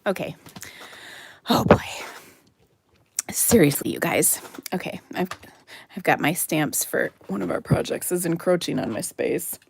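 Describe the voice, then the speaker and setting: A woman's voice: on the low side, animated, measured pace, creaky, long pauses, slight background noise. A middle-aged woman hosting a craft class live stream from her home craft room on a phone camera, chatty and rambling with fillers and laughs. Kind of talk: casual live-stream chat.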